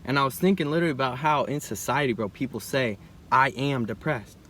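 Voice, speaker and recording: Here the young vlogger is animated and quick, rambling through his thoughts in a casual reflective monologue while sprinkling in "bro" and "right?" often. His voice stays at a middle pitch over a faint background hiss.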